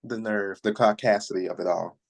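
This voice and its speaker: A man's voice: lowish voice, fairly even intonation, a little fast, vocal fry. Sassy, sarcastic man podcast co-host. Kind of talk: casual podcast chat.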